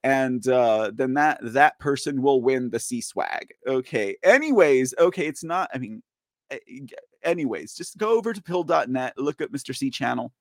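A man's voice: medium pitch, animated, normal speed, no echo, clean studio sound. A man hosting casual political commentary, rambling and chuckling, often checking in with listeners. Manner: rambling, chuckling, keeps saying "okay?" and "guys". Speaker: host.

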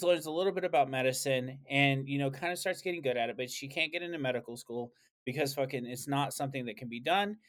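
A man co-hosting a podcast in casual chat, telling rambling stories with lots of swearing and fillers. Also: medium pitch. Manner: animated, profane, rambling storyteller. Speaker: podcast co-host.

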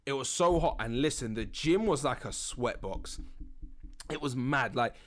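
A young man hosting a relaxed solo podcast, rambling with lots of fillers and laughing now and then. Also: medium pitch, a little slow. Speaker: podcast host.

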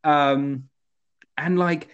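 A man's voice: on the high side, steady tone, drawn-out words, clear, resonant tone, highs cut off. A man chatting casually about movies, animatedly retelling scenes and acting out the characters.

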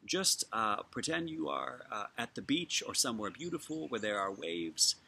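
A man, a pastor giving a sermon and reading scripture slowly and gently. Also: mid-range voice, animated, gravelly, slightly rough. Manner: gentle, unhurried, reads scripture slowly and softly.

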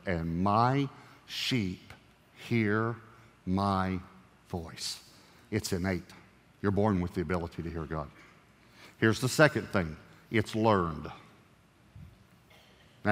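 A man preaching a sermon as pastor, animated and joking, swinging from loud punchy lines to hushed earnest ones. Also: on the low side, long reverb tail.

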